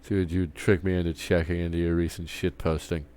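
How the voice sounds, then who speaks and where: A man's voice: sits low, little pitch movement, quick pace, warm tone, clear, resonant tone. A man streaming live, ranting casually with lots of swearing and stumbling restarts. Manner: profane, rambling, restarts often. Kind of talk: casual rant while streaming.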